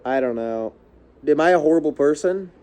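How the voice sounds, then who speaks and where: A young man vents in a loose, rambling rant, swearing freely and tripping over his own restarts. His voice sits a little high for a man, with a dark, mellow tone. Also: animated, normal speed. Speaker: vlogger. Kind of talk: casual ranting monologue.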